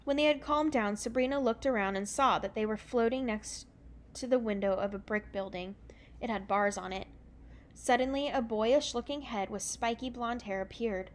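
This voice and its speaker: A woman reading a children's book aloud in a relaxed, unpolished way, correcting her own slips as she goes. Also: fairly high pitch, normal speed, slight background noise. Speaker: reader.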